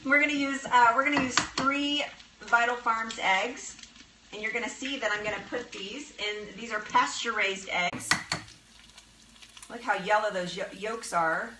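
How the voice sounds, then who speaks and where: Bubbly high-voiced woman cooking show host. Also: steady tone, measured pace, noisy background. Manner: bubbly, chatty, laughs often, talks to viewers. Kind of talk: live cooking demonstration. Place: kitchen at the stove. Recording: sizzling frying pan in background.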